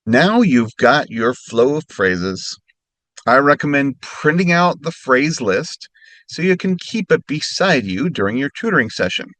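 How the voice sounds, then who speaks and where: A man teaching phrases as a language lesson, speaking slowly and carefully and repeating each phrase more slowly. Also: medium pitch, very animated, fairly bright tone, no echo. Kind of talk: instructional narration.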